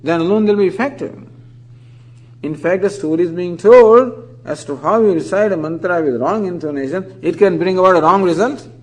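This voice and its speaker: A man giving a scripture lecture. He says Sanskrit terms slowly, then explains them in English. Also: sits high, poor audio. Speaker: scripture teacher.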